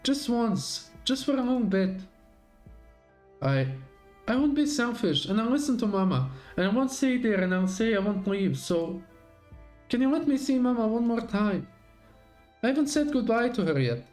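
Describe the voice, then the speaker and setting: A man's voice: very high voice, very animated, moderate pace, a little mellow, faint music behind, voice pushed up. A man voicing a small grieving girl in a game scene, asking earnest, childlike questions. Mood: pleading. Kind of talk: reading game dialogue aloud on stream.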